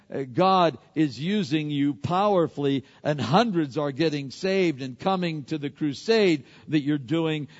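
Man preaching a sermon, goes loud then hushed, kinda muffled lo-fi audio. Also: fairly high pitch. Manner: swings between loud emphatic peaks and quiet hushed asides. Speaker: pastor. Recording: dull lo-fi sound with long hall reverb.

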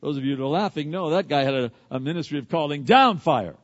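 A man preaching a sermon, swinging between loud emphatic peaks and quiet hushed asides. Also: a little high, expressive, fast talker. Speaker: pastor. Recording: dull lo-fi sound with long hall reverb.

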